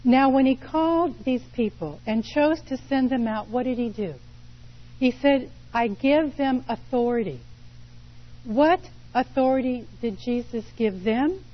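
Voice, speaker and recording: A woman preaching a sermon, telling stories slowly and deliberately with pauses. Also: on the high side, lo-fi sound. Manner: slow, deliberate storytelling with pauses.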